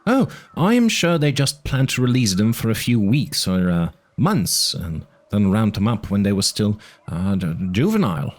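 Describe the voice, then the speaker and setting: A man voicing a dry, thoughtful male mathematician who speaks with hesitations and pauses. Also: lowish voice, very animated. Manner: hesitant, musing, many pauses.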